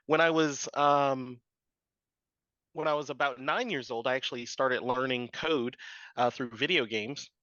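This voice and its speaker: A man's voice: mid-range voice, pushed and bright, no echo, lo-fi sound. A man in his thirties, a guest in an interview, telling his career story in a rambling way with many fillers and chuckles. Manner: rambling, frequent fillers and laughs. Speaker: guest, drone business owner.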